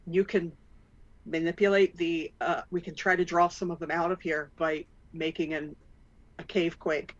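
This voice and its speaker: A tabletop game player, eager and prone to loud cheering. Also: mid-range voice, fairly even intonation, normal speed, dull audio. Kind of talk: casual tabletop play.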